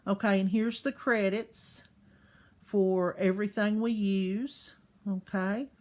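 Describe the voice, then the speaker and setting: A patient woman teaching a class of small children. She speaks at an unhurried, very slow pace in a middling voice, stretching each word so young listeners can hear every syllable. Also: mid-range voice. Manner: patient, drawn-out words, sounds out syllables.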